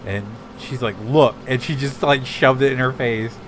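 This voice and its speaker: A man telling a story in casual chat between games, halting and repeating his words. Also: medium pitch, noisy background. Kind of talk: casual chat while gaming.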